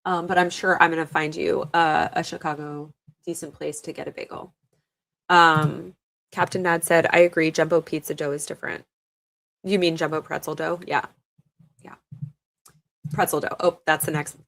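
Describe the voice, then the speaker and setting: A young woman hosting a livestream, chatting casually as she reads out viewer comments, laughing often and filling pauses with ums. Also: low-pitched, little pitch movement, creaky, a bit bright. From New York State. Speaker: livestream host.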